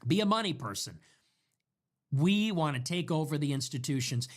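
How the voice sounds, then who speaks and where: High, lively male commentator, emphatic and commanding, impassioned monologue to viewers. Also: moderate pace. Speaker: online political commentator.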